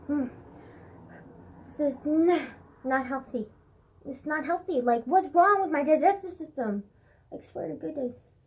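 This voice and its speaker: Teen girl vlogger, high voice, loose casual storytelling with lots of fillers and laughs. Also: a little mellow. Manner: rambling, filler-heavy, laughing, swears freely.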